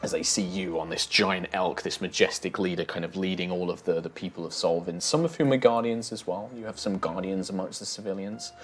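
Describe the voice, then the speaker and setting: A man's voice: sits low, fairly quick, hardly any pauses, soft background music. A man narrating a fantasy tabletop game as dungeon master, describing scenes vividly with some fillers.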